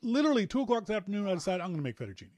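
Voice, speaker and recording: Man, podcast host, casual chat, rambling, jokey, lively pitch, dry close mic. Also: very fast, dry recording. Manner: animated, rambling, repeats words, jokey.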